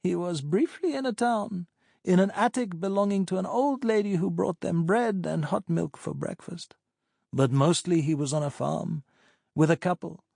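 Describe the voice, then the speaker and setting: A man's voice: high-pitched, vocal fry, warm tone, dry recording, studio quality, voice pushed up, full character voice. A man voicing a chatty older doctor recalling an old friend on the phone. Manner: chatty, reminiscing.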